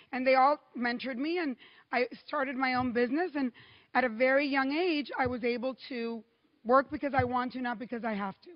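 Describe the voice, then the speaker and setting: High-voiced woman giving a keynote speech. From Cuba. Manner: lively storytelling with emphatic pauses. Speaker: keynote speaker. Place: large hall. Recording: long hall reverb.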